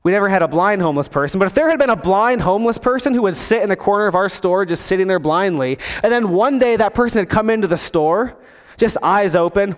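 High-voiced pastor in a reverberant hall. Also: male voice. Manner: storytelling, acts out scenes with voices. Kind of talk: sermon.

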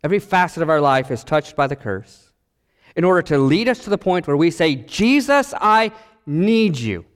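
A man preaching a sermon as pastor, animated and acting out the voices in his stories. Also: a little high, brisk, clean tone, long reverb tail.

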